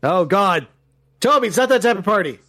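A man co-hosting a casual movie watch-along podcast, throwing in quick jokes. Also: high voice, animated, sharp tone, no room sound. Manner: joking, quick quips. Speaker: podcast co-host.

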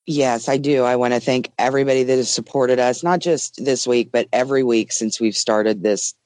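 A man's voice: medium pitch, moderate pace, a little mellow, no room sound. A man co-hosting a comedy podcast, exasperated and blunt, with crude asides. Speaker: podcast co-host.

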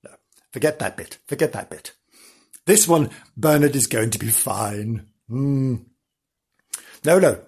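Slow, husky, animated podcast storyteller, keeps going off on cheeky tangents. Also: mid-range voice. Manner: playful asides, giggles and mock apologies to children. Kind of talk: comic reading of a children's story.

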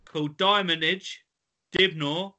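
Bright-voiced playful man hosting a quiz. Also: sits high, steady tone, unhurried. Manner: playful, giggly, stumbles over words. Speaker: podcast host running a quiz. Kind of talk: casual chat.

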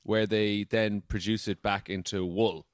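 A man's voice: fairly low pitch, fairly even intonation, a little slow, no room sound, clean studio sound. A man co-hosting a podcast, rambling and searching for his words in casual chat. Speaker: podcast co-host.

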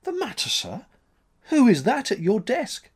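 A man's voice: high-pitched, huge pitch swings, a little slow, husky, voice pushed up, full character voice. A man voicing a frightened, insistent male ship's mate in a spoken story, sounding agitated and pleading. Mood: alarmed, pleading.

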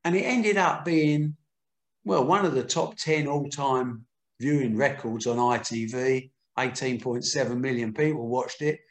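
A man's voice: mid-range voice, unhurried, echoey room. An older man telling candid, earthy stories as a guest in an interview. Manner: candid, earthy, acts out quotes. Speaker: boxing promoter. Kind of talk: anecdotal interview storytelling.

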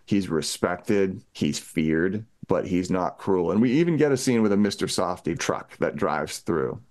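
A man with a very deep voice talks casually and eagerly about a movie with his co-host. He breaks down characters one by one in a relaxed conversational way. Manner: enthusiastic, recaps characters conversationally. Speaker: podcast co-host. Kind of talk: casual film discussion.

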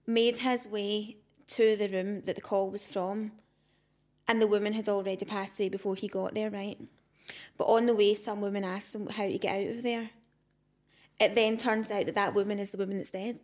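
Speaking at a moderate pace in a medium-pitched, fairly even voice, a young podcast co-host chats casually and reads out listener stories. She's conversational and keeps ending sentences with "right?".

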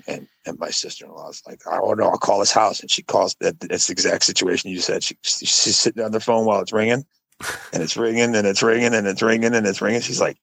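A man's voice: fairly even intonation, fast, gravelly, fairly bright tone, slightly rough, no echo, low-quality recording. A man in his forties co-hosting a casual podcast, telling rambling stories and acting out quotes in a raised voice. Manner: rambling storyteller, acts out quotes in a high voice. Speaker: podcast co-host. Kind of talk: casual chat.

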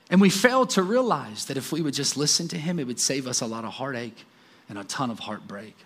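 A man's voice: mid-range voice, animated, fairly quick, fairly bright tone, slightly rough. A man in his forties preaching a sermon, telling family stories with self-deprecating humor. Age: 40s. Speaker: pastor.

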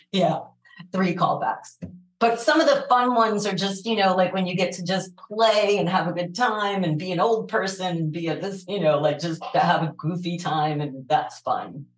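A woman from New York City speaks with a low, raspy voice and a New York accent. She chats with animated energy and frequent laughter, her voice sitting on the deep side. The room around her is noticeably echoey. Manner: animated, laughs often, quick asides. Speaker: voiceover actor, guest. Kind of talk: casual interview chat.

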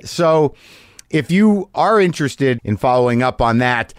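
A man's voice: mid-range voice, animated, measured pace, dry recording, clean studio sound. A middle-aged man delivering a rambling, profane, self-deprecating monologue as a podcast host. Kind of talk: casual monologue.

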